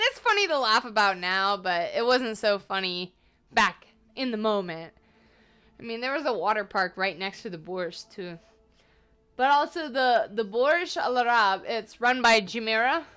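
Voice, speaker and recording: Young woman rambling thru a story, high voice, cusses a lot, laughs a bunch. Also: clean tone. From United States. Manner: animated, swears freely, laughs through her stories. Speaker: podcast host. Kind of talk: casual storytelling monologue.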